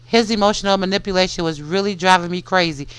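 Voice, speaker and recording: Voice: medium pitch, fast talker, a bit bright, clear, resonant tone, no echo. A podcast host reading a book aloud, stumbling over words and adding comments.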